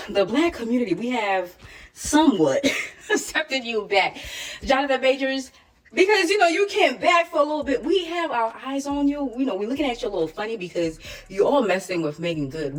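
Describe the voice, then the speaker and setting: A woman's voice: fairly high pitch, far from the mic. A woman giving casual opinions in a sassy, teasing way, laughing often. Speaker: commentator.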